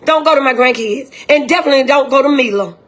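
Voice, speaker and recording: Older woman, high-pitched, indignant, impassioned, repeats herself, direct-address video. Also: fast talker, a bit bright. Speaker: grieving grandmother.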